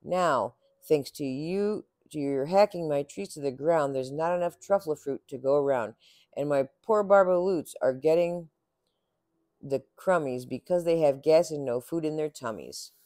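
The Lorax, a man doing a high, snappish forest creature. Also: moderate pace, a little mellow, dry recording, studio quality, lightly acted. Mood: scolding. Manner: snappish and scolding, sniffling. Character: grumpy small forest creature, scolding. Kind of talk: storybook read-aloud.

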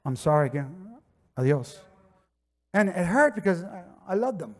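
A man with a Miami accent preaches in a church, his voice sitting high for a man. He tells stories in a loose, conversational way, acting out what people said, and his delivery swells into fervent, near-shouted passages. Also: lively intonation, moderate pace. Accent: Miami English. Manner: impassioned preaching that builds to shouting; conversational storytelling with acted quotes. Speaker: pastor. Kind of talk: sermon. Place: church sanctuary.

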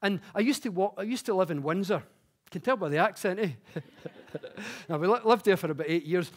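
High-voiced man telling stories on stage. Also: a little fast. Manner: chatty, self-mocking storytelling that grows animated. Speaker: conference speaker. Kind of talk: public talk with personal anecdotes. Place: conference stage before an audience.

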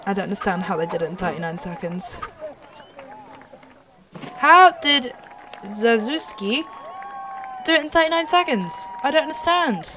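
A young British woman giving excitable commentary while playing a horse racing game, urging her horse on. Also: on the high side, moderate pace, long pauses, crowd noise, noisy background. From Britain. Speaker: gaming YouTuber. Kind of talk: live gameplay commentary.

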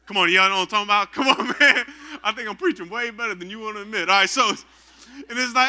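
High-voiced, bright young preacher. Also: male voice, quick pace. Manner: lively call-and-response preaching. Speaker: pastor. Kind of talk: sermon.

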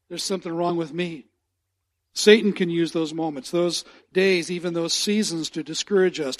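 A man preaching a sermon as pastor in a church, earnest and repeating key phrases for emphasis. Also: sits high. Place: church sanctuary.

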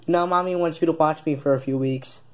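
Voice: mid-range voice, steady tone, a little fast, lightly acted. Someone doing a stammering, whiny young son. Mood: accusing. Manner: stammers and restarts constantly. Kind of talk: amateur plush toy video acting.

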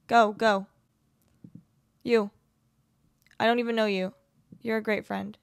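A young woman in her twenties narrating her gameplay in a chatty, sarcastic ramble that swears offhandedly. Her voice sits a little high and comes across close and dry. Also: takes it slowly, creaky, pauses often, dry recording. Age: 20s. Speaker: gaming video creator. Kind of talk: casual gameplay commentary.

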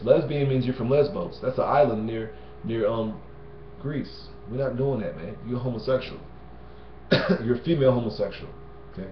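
Man of average pitch teaching scripture in loose, street-casual talk, recorded in a roomy space with muffled lo-fi sound. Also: slight background noise. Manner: slangy and conversational, often tags "you know what I'm saying" and "man". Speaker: Bible teacher.

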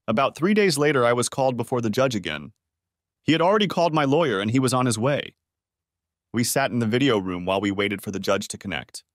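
A man narrating a first-person revenge story with a wry, expressive delivery. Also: mid-range voice, quick pace, no echo, clean studio sound.

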